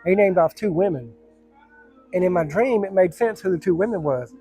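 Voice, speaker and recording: A man's voice: high voice, expressive, a little fast, warm tone, soft background music. A middle-aged man, a firefighter, telling a personal story to camera in a blunt, profane, rambling way with many restarts.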